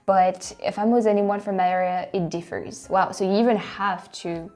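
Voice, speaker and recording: Host: French woman, mellow tone, excitable reactions over faint music. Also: medium pitch, normal speed. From France. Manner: animated, exclaiming and laughing often. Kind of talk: casual reaction commentary.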